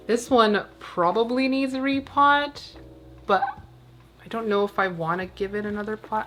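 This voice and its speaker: A woman's voice: medium pitch, moderate pace, fairly bright tone. A woman chatting casually at home while tending her plants, rambling along with plenty of fillers. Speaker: plant vlogger.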